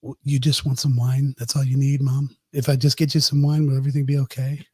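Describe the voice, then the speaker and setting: Jesus speaks low and softly, as a man puts him on, hushing and reassuring his embarrassed mother. The voice is pitched clearly below the teller's usual register. The tone is calm and pleading. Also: fast talker, no room sound, clean studio sound, lightly acted. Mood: soothing.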